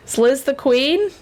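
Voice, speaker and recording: A woman streamer chatting casually and reacting aloud as she plays a game. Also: high voice. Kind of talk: casual let's-play commentary.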